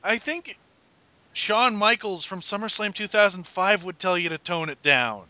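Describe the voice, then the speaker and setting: A man hosting a casual wrestling podcast, animated and sarcastic. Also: sits high, moderate pace, dry recording. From Scotland. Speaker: podcast host.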